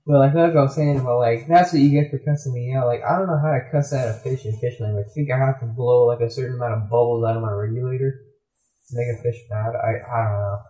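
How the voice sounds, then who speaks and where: A man's voice: mid-range voice, fairly even intonation, fast, mellow. A man hosting a kids' radio show, chatting loosely and rambling, with frequent "like"s. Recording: roomy echo.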